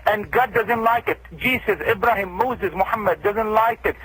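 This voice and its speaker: A man's voice: high voice, moderate pace, fairly bright tone, slight background noise, low-quality recording. A man from Iraq, an imam speaking as a guest in a TV interview, preacherly and repetitive, pressing his point with rising urgency. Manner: preacherly, repetitive, grows agitated and pleading. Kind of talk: heated TV interview.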